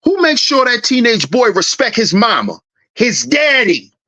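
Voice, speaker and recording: A man's voice: very high voice, very animated, unhurried, pushed and bright. A man hosting a commentary channel, delivering a heated, preachy monologue and acting out confrontations in a dad's voice. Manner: preachy, confrontational, acts out scenes.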